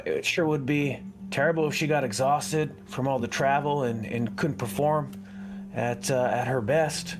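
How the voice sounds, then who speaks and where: A man voicing a smooth-talking traveler in a tabletop game, with eager, wheedling sales talk. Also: mid-range voice, natural voice.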